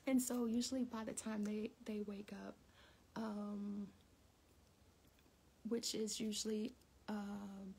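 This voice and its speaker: A woman's voice: medium pitch, creaky, mellow. A middle-aged woman talks casually to her viewers during a morning devotional stream. She tells stories animatedly and laughs often. Her voice sits in a middle range, with a faint hiss behind it. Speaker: devotional livestream host.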